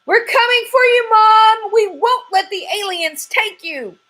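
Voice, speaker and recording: A bossy young hen from a children's storybook, played by a woman reading aloud, shrieking high and loud. She barks her orders in a snappy, commanding way. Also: a little slow, exaggerated voice. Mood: frantic. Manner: snappy, commanding, yelling in alarm.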